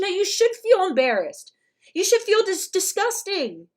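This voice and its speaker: A woman's voice: very high voice, sing-song, a little fast. A woman giving ranting reaction commentary in a blunt, profane, emphatic way. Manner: blunt, profane and emphatic, with mocking put-on quotes. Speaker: commentary vlogger.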